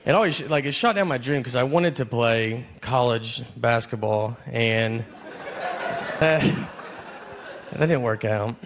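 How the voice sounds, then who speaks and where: A middle-aged man from Tennessee, telling rambling deadpan stories in a stand-up comedy set. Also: mid-range voice, noisy background. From Tennessee, USA. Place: comedy stage with live audience. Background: audience laughter.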